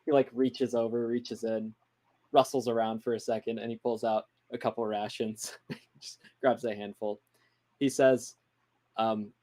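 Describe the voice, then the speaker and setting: A man's voice: medium pitch, flat delivery, a little slow, mellow. Man narrating his game character. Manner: loose, hesitant, lots of "like" and "um". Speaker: player. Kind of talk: describing his character's actions in a tabletop game.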